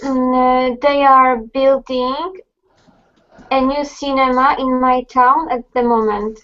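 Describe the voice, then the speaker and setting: A woman answering as a student in an English class, halting with many fillers. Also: sits high, flat delivery, a bit bright, highs cut off.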